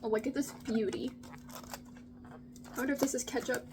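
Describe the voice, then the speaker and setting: A young woman vlogging about food in a casual, gushing, excitable way, with drawn-out exclamations. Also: sits high, noisy background.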